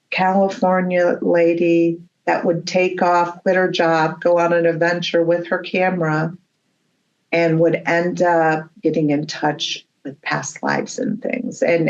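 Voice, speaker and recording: A woman's voice: lowish voice, muffled recording. A woman appearing as a guest medium, telling anecdotes in casual chat and acting out the dialogue as she goes. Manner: animated anecdotes, acts out dialogue.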